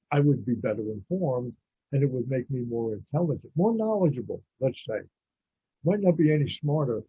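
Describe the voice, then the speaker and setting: Blunt male talk-radio host with a rambling delivery, a fairly high, dark and mellow voice. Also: husky, no echo. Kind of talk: casual radio monologue. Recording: dull lo-fi radio audio.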